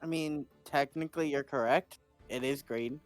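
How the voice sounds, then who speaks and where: A man's voice: mid-range voice, normal speed, faint music behind. A man playing a tabletop game who talks hesitantly and hums while rolling dice. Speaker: player. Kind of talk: casual tabletop play.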